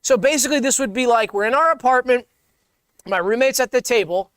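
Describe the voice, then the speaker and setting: Co-host, male, very high pitch; meandering pitcher, restarts a lot, dead-dry mic. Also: fairly quick, a bit bright, clear, resonant tone, dry recording. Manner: meandering, restarts often, acts out bits. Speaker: comedy podcast co-host pitching sketches. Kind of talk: rambling casual brainstorming.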